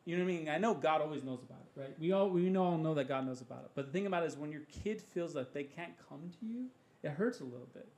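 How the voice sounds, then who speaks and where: A man's voice: on the high side, animated, fast, a little mellow. A man, a father of young children, speaking as a podcast guest and sharing an earnest, heartfelt faith testimony in casual talk. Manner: earnest, heartfelt, acts out prayers in his own voice.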